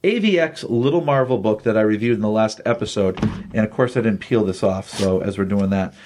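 A man co-hosting a comic book podcast, retelling a story with lively energy and acting out the characters' lines. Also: on the low side, brisk, a little hiss or hum. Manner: animated retelling, acts out quotes. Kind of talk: casual comic review chat.

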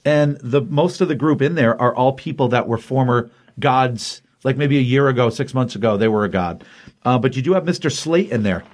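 A man's voice: medium pitch, moderate pace. A man casually recapping a comic book issue, chatty and rambling, often acting out the characters' lines. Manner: chatty, rambling, acts out quotes.

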